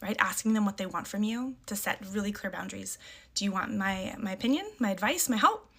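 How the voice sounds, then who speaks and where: A woman's voice: mid-range voice, lively intonation, fairly quick, a bit bright, husky. A middle-aged woman talking casually to camera about parenting. She is emphatic, repeats short catchphrases and acts out the firm replies she gives her kids. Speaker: parent sharing parenting advice.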